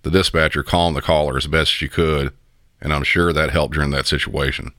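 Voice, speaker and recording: A man hosting a podcast, giving measured, explanatory commentary on a 911 call. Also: extremely low pitch, fairly even intonation, pushed and bright, dry recording, studio quality. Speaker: podcast host and 911 dispatcher. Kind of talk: conversational commentary.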